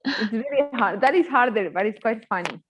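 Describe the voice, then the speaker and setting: A woman's voice: a little high, expressive, brisk, highs cut off, slight background noise. A woman with Spanish as her first language, tutoring English in a casual, chatty way with lots of fillers. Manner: chatty, opinionated, many fillers. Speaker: English teacher. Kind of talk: casual online tutoring chat.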